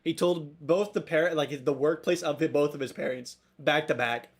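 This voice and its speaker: A man's voice: on the high side, moderate pace, breathy edge. A young man running a tabletop game as game master, casual and joking, often breaking into laughs.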